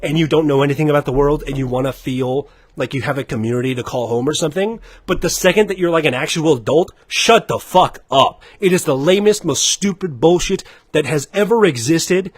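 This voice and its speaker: A man's voice: on the high side, a little fast, no echo. A man co-hosting a gaming livestream, ranting in a heated, profane way. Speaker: gaming podcast co-host. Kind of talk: casual livestream chat.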